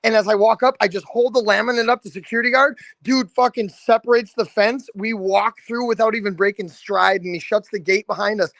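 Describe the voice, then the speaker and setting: Guest storyteller, man in his thirties, high gravelly voice, dry close sound, animated and profane. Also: a little fast, few pauses, no echo. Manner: animated storyteller, swears freely, acts out quotes. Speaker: guest, lead singer. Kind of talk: casual storytelling.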